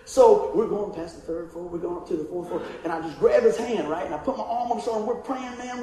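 A man telling a folksy, animated testimony story as a preacher, often laughing and acting out the voices in his story. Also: extremely high pitch. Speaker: evangelist preacher. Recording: heavily echoing hall with faint ambient noise.

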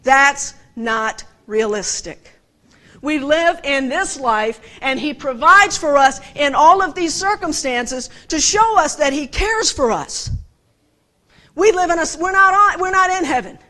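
Bright, high-voiced woman preaching. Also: a little slow. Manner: animated, asks the listeners direct questions. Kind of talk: conversational sermon.

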